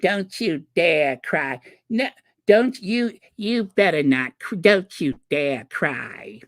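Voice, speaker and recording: A commentator doing an impression of a well-known woman, stern and commanding, drawing out reproachful orders slowly. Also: mid-range voice, expressive, pitched above the performer's own voice. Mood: scolding. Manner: slow, drawn-out, reproachful commands. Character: scolding woman, a public figure, stern and commanding.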